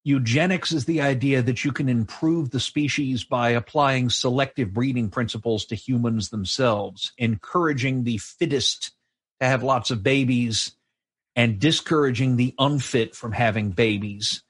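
A man's voice: medium pitch, moderate pace, slightly rough, dry recording. A man co-hosting a history podcast, telling it in a wry, sardonic casual chat. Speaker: podcast co-host. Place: live show.

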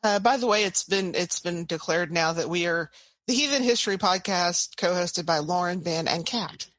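A woman's voice: on the low side, normal speed, a bit bright, no echo. A woman co-hosting a history podcast, chiming in with chatty asides while on pain pills. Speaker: podcast co-host. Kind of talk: casual history chat.

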